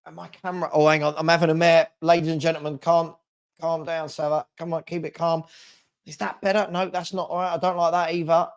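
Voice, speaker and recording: A chatty man with a slightly high voice hosts a live football stream. He reads viewer comments aloud and answers them in a rambling way. He often restarts and repeats words mid-sentence. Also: level tone, brisk, clean tone.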